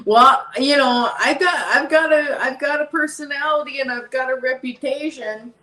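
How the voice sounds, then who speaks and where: A woman's voice: sits high, normal speed, bright, forceful tone. A woman talking as a guest on a podcast, emphatic and heated, repeating her points. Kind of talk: casual podcast chat. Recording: echoey room, distant from mic.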